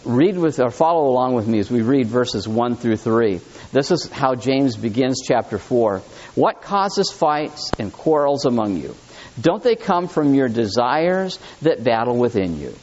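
A man preaching a sermon in a conversational, animated way, reading scripture aloud and talking it through with his listeners. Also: mid-range voice, unhurried, lo-fi sound, a little hiss or hum. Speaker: pastor.

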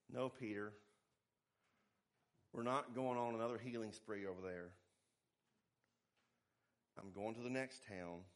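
A male preacher voicing a calm teacher who gently but firmly corrects his followers, quiet and measured. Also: lowish voice, pitched below the performer's own voice.

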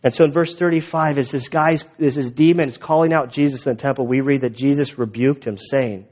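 Casual fast-talking male pastor. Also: mid-range voice, steady tone, a little mellow, highs cut off. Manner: casual, quick, conversational with restarts. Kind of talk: sermon.

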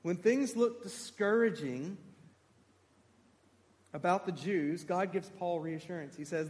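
A man preaching a sermon, animated and emphatic, putting questions to his congregation. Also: sits high, slow pace, pauses often, long reverb tail.

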